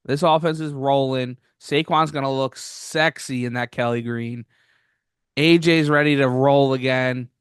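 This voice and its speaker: An excitable young man co-hosting a casual sports podcast, talking in a mid-range voice. He piles on hype in quick fan banter. The recording is close and dry. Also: mid-range voice, clear, resonant tone, no echo. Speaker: podcast co-host. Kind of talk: casual sports betting chat.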